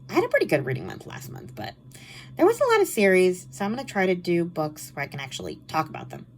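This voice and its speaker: A woman's voice: on the low side, wildly swooping pitch, fast talker, a little hiss or hum. Nasal-voiced woman chatting about books. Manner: chatty, lots of "like", exasperated asides. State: nasal from allergies. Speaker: book vlogger. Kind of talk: casual book wrap-up chat.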